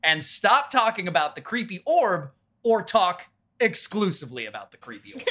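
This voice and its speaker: Quick, bright male tabletop player, lively in character. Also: high-pitched. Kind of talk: tabletop role-play.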